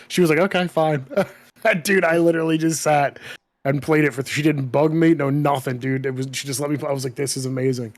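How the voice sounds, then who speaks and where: This man tells stories with animation, saying "dude" often and laughing as he goes. His voice sits a little high for a man and is recorded dry and close. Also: a little fast, dry recording. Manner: animated storyteller, says "dude" often, laughs mid-sentence. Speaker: co-host. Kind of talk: casual gaming chat.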